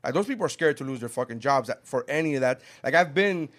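A man in casual podcast chat, swearing a lot and acting out quotes with big shifts in loudness. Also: medium pitch, quick pace. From South Florida. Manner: animated, profane, acts out quotes.

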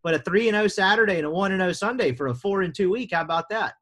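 This young American sports podcast host talks fast in a high-pitched, animated voice with a fairly bright tone. He's casual and rambling, joking and dropping sarcastic asides.

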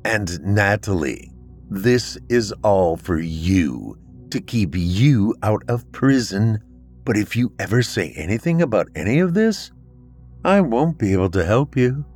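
A man's voice: lowish voice, big pitch swings, a little slow, darkish tone, soft background music, full character voice. A man voicing a cold, menacing middle-aged mother who speaks in a sing-song voice with icy sweetness.

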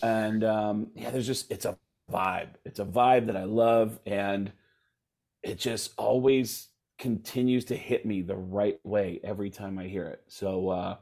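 Gravelly rambling man chatting. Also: lowish voice, fairly even intonation, unhurried, darkish tone. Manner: rambling, laughing, many fillers. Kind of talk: casual chat.

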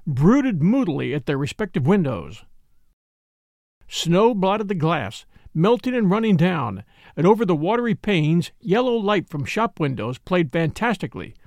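A male narrator reads a classic novel with vivid, expressive storytelling. His voice sits high and swings widely in pitch. The sound is dry and close. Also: dry recording. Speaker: audiobook narrator.

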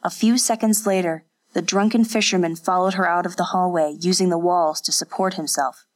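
A woman narrating an audiobook in an even, unhurried storytelling manner. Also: lowish voice. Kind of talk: scripted narration.

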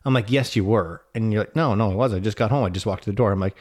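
A man with a low voice telling a spooky family story in a relaxed, chatty way. He acts out the quotes as he goes and drops the odd swear word. He sounds like a podcast co-host in his thirties. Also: rapid-fire. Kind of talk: casual storytelling.

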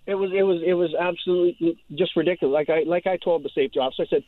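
A man's voice: a little high, very fast, few pauses, dry recording. A man calling in to a radio show, telling a rambling, aggrieved story and stumbling over repeated words. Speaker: caller. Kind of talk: phone call-in story. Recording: tinny dry phone line.

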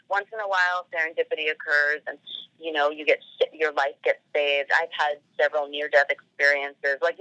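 Bright-voiced chatty woman telling a story. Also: low voice, no room sound, rough recording. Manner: chatty, full of "like" fillers, acts out quoted dialogue. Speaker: podcast guest. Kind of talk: casual storytelling.

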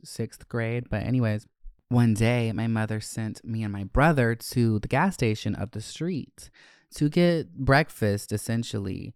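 A man's voice: mid-range voice, a little mellow, smooth, no echo, clean studio sound. A young adult man hosting a podcast, telling childhood stories in a candid, profane, joking way. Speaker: podcast host. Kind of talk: casual storytelling.

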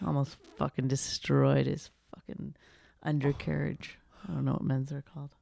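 A woman's voice: extremely low pitch, little pitch movement, moderate pace, gravelly, warm tone, dry recording. A woman co-hosting a casual chat, blunt, profane and combative. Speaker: podcast co-host.

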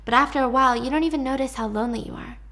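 A woman voicing a needy, manipulative young woman in captivity, talking softly and pleadingly. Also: sits high, rapid-fire.

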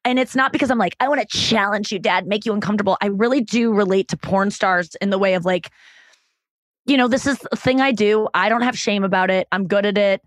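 A woman's voice: mid-range voice, brisk, dry recording. A woman comedian speaking as a podcast guest in a mid-range voice. She talks frankly and rambles, with many fillers and restarts. The mic is close and dry. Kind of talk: candid conversational interview.

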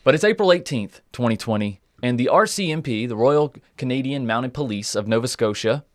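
A man's voice: mid-range voice, expressive, fairly quick, no room sound, studio quality. A man hosting a podcast, telling the story in casual chat with joking asides. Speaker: podcast host.

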